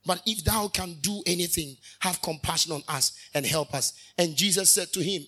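High bright-voiced preacher. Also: male voice, moderate pace, breathy edge. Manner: fervent preaching with sudden loud rises and asides. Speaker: minister. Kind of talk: sermon.

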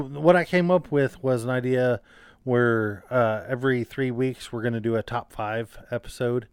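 Smooth-voiced joking podcast co-host man. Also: medium pitch, moderate pace, no room sound, clean studio sound. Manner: joking, rambling with fillers and restarts. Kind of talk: casual podcast banter.

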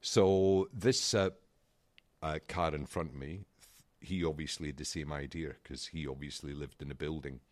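Very deep-voiced man telling a story. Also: normal speed, no echo. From United Kingdom. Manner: animated, acts out quoted voices. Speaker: podcast co-host. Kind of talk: casual storytelling chat. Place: small room at a desk.

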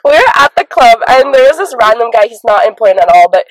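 Young woman podcast cohost, pretty high voice, gossipy and swears a lot, acts out what people said. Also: sing-song, fast, crowd noise, rough recording. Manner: gossipy storyteller, acts out quotes, swears, laughs often. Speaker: podcast co-host. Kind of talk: casual chat.

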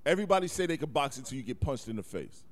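A man's voice: mid-range voice, racing. A man co-hosting a podcast, telling stories in casual slang with lots of laughing and profanity. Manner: animated storytelling, profane slang, frequent laughs. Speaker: podcast co-host. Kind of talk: casual chat.

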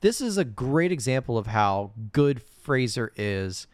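Teasing podcast co-host, animated pitch. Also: male voice, no echo. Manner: conversational, teasing, quick laughs. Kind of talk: casual movie-review chat.

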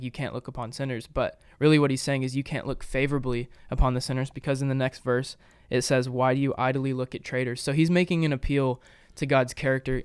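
A man's voice: medium pitch, clear, resonant tone, no echo, clean studio sound. A man co-hosting a casual podcast, earnestly explaining a Bible passage with frequent fillers and restarts. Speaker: podcast co-host.

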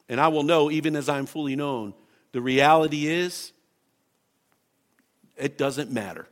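A man's voice: on the high side, a bit bright. A man preaching a sermon as pastor, impassioned and emphatic, reading scripture and pressing his points.

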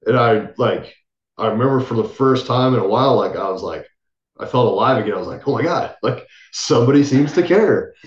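A man's voice: mid-range voice, animated, a little fast. Man telling his story over roomy, dull audio. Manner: casual, acts out quoted voices, trails off softly. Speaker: guest, military veteran. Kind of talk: storytelling in a podcast interview.

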